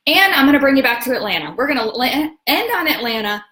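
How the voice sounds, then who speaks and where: A woman hosting a travel segment, chatting casually to viewers and often pausing to search for words. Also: high-pitched, lively intonation, sharp tone. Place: home in Atlanta. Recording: roomy echo.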